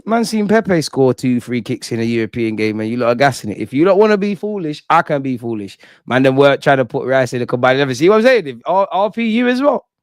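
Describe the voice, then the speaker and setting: A young man hosting a live football reaction stream, excitable and slangy, swearing and reading chat aloud. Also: mid-range voice, quick pace, few pauses, no echo, clean studio sound. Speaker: football fan channel host.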